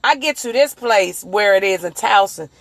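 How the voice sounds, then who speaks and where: A woman hosting a casual motivational livestream on her phone, talking in a rambling, animated way and acting out the voices of people she quotes. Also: mid-range voice, moderate pace, no room sound. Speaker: livestream host.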